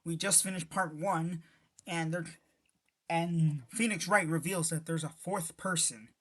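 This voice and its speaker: Chatty husky-voiced woman gamer. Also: fairly low pitch, a little slow. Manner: chatty, self-correcting asides. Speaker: let's-play narrator. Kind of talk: casual gameplay commentary.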